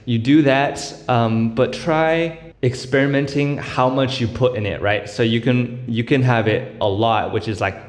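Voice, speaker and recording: A man's voice: medium pitch, measured pace, few pauses. A man giving a casual beatboxing tutorial, explaining step by step with lots of fillers and breaking into vocal sound demos. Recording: echoey room with long reverb.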